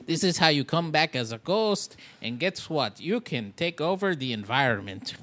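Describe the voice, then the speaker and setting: A man's voice: a little high, lively intonation, normal speed, fairly bright tone. A man putting on a cheesy class teacher with an odd accent. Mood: mock-cheerful.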